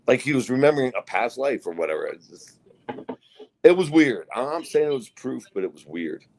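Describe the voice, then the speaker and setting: A man's voice: medium pitch, sing-song, fairly quick, a little mellow, slight background noise. A middle-aged man co-hosting a casual podcast, telling profane stories and acting out the voices of the people in them. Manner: profane storyteller, acts out quoted voices. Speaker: podcast co-host.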